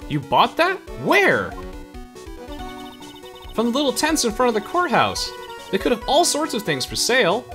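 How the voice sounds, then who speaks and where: Man voicing a chirpy, excitable young game sidekick girl, high and bouncy. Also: moderate pace, pauses often, over music, exaggerated voice. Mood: excited.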